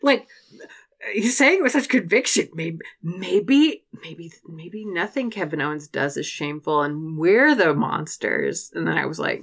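A young woman co-hosting a casual podcast with a fairly low voice. She talks in animated bursts, swears freely and laughs often. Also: measured pace. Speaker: podcast co-host. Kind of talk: casual chat.

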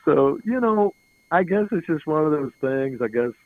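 A middle-aged man, a guest in an interview, rambles through a long anecdote, chuckling and often repeating words along the way. His voice sits on the high side and is expressive, moving at a normal speed. The audio has no echo but sounds narrow and tinny.

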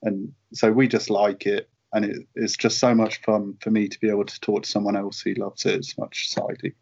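A rambling British guest in his late thirties, a merchandise writer, shares a casual anecdote in an interview, laughing and using lots of fillers. His low voice barely moves in pitch and comes out fairly quick, creaky, and a little mellow, over dull lo-fi call audio.

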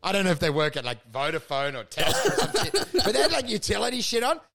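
A man, co-hosting a comedy podcast, rambling through crude stories and acting out scenes in shouted high voices. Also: animated, quick pace, creaky, a crowd in the background. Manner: crude, swears often. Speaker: podcast co-host.

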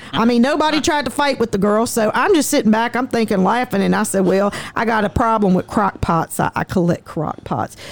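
A woman, telling stories in a lively, profane, folksy way as a guest. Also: mid-range voice, dry recording. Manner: animated, profane, folksy storyteller. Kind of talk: casual storytelling.

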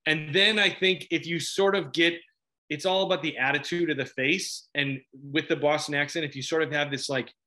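Bright-toned, laughing actor from Chicago. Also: male voice, fairly high pitch, moderate pace. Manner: animated, laughs often, rambling restarts. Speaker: actor guest. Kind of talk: casual interview chat.

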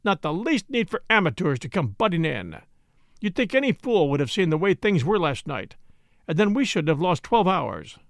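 A man voicing a gruff, self-assured police inspector who talks bluntly and dismissively in an audiobook. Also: high voice, big pitch swings, normal speed, no echo, studio quality.

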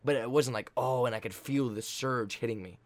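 A young man, a college volleyball player, telling a game story in a casual, hyped way, laughing often and acting out his own yelling. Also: mid-range voice, a little fast, no room sound.

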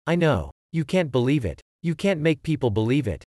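A man voicing a gruff older man who is shaken but tries to calm a younger one. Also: fairly high pitch, moderate pace, no room sound, studio quality. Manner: gruff, consoling, insistent.

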